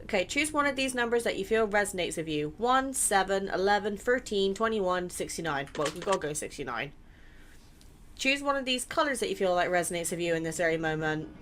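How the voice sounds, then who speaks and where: A woman's voice: medium pitch, lively intonation, fairly quick, fairly bright tone. Young woman gamer chatting thru a quiz game, blunt, swears a bit, faint hiss behind. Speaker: gaming content creator. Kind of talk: casual let's play commentary, reading questions aloud.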